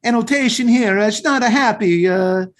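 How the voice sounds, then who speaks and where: A man voicing a flustered little pizza delivery guy who stammers in a high voice. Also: normal speed, lightly acted.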